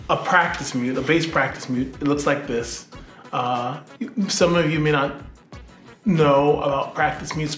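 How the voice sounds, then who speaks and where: A man, a double bass player, chatting casually to camera at night in his apartment, rambling and poking fun at himself. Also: roomy sound. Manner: chatty, rambling, self-mocking.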